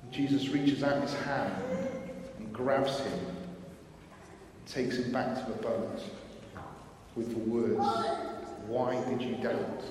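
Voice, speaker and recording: A man preaching a sermon, earnest and unhurried, sometimes acting out what people think. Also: noisy background. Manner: slow, earnest, acts out quoted thoughts with rising pitch. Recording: roomy hall from a distance.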